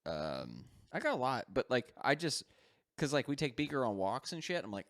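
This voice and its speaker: A man's voice: mid-range voice, huge pitch swings, moderate pace, a bit bright. A young man co-hosting a podcast, chatting casually, laughing often and swearing freely. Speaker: podcast co-host. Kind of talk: casual chat.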